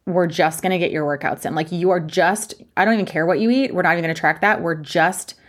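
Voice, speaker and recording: A woman's voice: on the low side, fast talker. A young woman hosting her own podcast as a fitness coach, talking frankly and chattily, poking fun at herself. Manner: frank, chatty, self-deprecating. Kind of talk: candid solo podcast talk.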